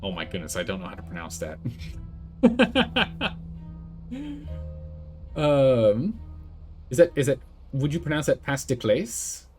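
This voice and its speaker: A man's voice: mid-range voice, sing-song, takes it slowly, pauses often, darkish tone, soft background music. A man casually commentating his building game on a live stream, thinking aloud, answering chat and laughing often.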